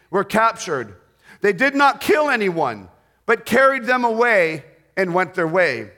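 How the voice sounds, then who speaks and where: A middle-aged man preaching a sermon, reading scripture and retelling it expressively, joking with his listeners. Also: very high voice. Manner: expressive, rising and falling in volume, jokes with the audience.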